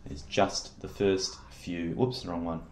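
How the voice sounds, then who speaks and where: A man's voice: low voice, fairly even intonation, a little slow, a little hiss or hum. A man tutoring a child one-on-one in phonics, giving patient, encouraging drill prompts. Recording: echoey room.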